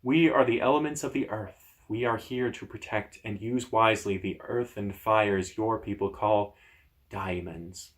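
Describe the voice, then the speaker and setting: A man voicing an ancient elemental guardian made of living ice, speaking slowly and quietly in a grave tone. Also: fairly low pitch, steady tone, natural voice. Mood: solemn. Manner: slow, hushed, solemn.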